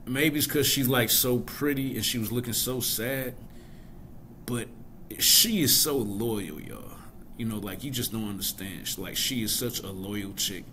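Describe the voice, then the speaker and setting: A man's voice: mid-range voice, measured pace, pushed and bright, slight background noise. A man hosting his own show, giving a casual, chatty recap of a TV episode. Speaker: host.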